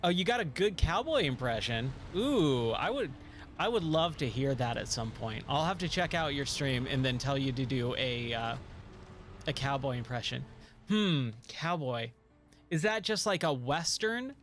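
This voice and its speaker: A man's voice: mid-range voice, animated, normal speed, a bit bright, a little hiss or hum. A man streaming a video game, chatting casually with his viewers in a laid-back way and laughing often. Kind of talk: casual live-stream chat.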